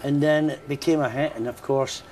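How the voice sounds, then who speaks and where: A man's voice: medium pitch, normal speed, slight background noise. An older Scottish man, a musician guest telling jokey stories in a chatty morning interview. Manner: jokey, lively storyteller.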